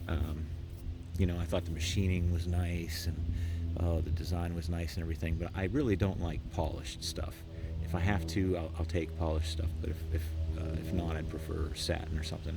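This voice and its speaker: A middle-aged man casually reviewing gadgets in a rambling, relaxed way, with many fillers. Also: low voice, creaky. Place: indoors near a window.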